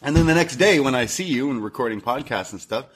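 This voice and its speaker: A man's voice: mid-range voice, expressive, fast, slight background noise. A man co-hosting a podcast, telling a long story in casual chat, swearing often and laughing at himself. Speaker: podcast co-host.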